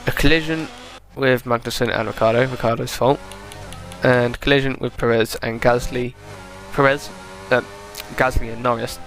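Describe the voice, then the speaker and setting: A man's voice: mid-range voice, steady tone, normal speed, fairly bright tone, faint music behind. A young man giving casual, chatty commentary over a racing game replay, thinking aloud and correcting himself. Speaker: gaming video creator.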